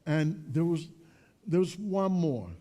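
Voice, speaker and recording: Dark-voiced man teaching children. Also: a little high, animated, takes it slowly. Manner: asks the children questions, mixes in Spanish. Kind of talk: children's church lesson.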